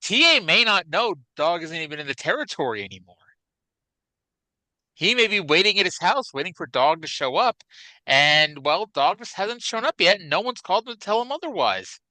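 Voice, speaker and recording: A man riffing on a casual podcast, rambling and restarting his sentences as he goes. His voice is bright and punchy, and it jumps up and down in pitch. The sound is close and dry, with no room around it. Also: moderate pace, dry recording, low-quality recording. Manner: animated, rambling, frequent restarts and fillers. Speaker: podcast co-host. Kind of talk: casual chat about classic wrestling.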